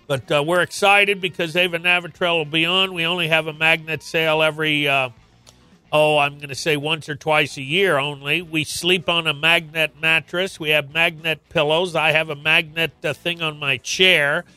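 A man's voice: a little high, flat delivery, moderate pace, sharp tone, smooth, no echo, faint music behind. A man hosting a radio show, talking casually and chattily with many fillers. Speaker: radio host.

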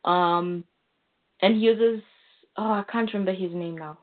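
A woman's voice: medium pitch, steady tone, unhurried. A woman co-hosting a casual chat, hesitant and searching for words, over a phone-like line. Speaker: podcast co-host.

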